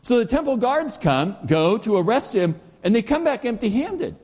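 Lively pastor preaching in echoing church. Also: male voice, extremely high pitch. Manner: animated storytelling, drops to soft slow emphasis. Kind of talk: sermon. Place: church sanctuary. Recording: long church reverb.

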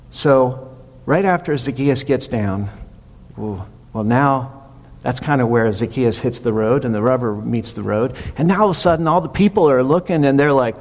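A male pastor preaches in a casual, storytelling manner. He has a mid-pitched, gravelly voice with plenty of fry. A long reverb hangs in the hall after his phrases. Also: moderate pace. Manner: conversational preaching, animated retelling. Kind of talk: sermon.

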